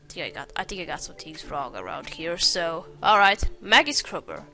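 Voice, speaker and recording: A woman's voice: on the low side, sing-song, brisk, bright, forceful tone, soft background music. A woman giving casual gameplay commentary while playing a detective game. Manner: casual, reads game dialogue aloud. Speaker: game streamer.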